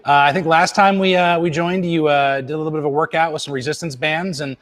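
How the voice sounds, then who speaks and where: A man's voice: on the high side, fairly even intonation, fast talker, a bit bright. A man hosting a live TV show from Florida, chatting casually with a guest and leaning on frequent uh fillers. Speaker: TV show host.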